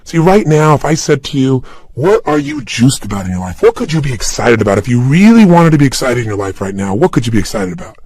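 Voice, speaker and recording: A middle-aged man giving an energetic, emphatic motivational talk straight to the listener, recorded at a studio microphone without a script. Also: mid-range voice, fast talker, hardly any pauses. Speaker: motivational speaker. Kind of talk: motivational talk for an audio program. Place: recording room, unscripted and standing.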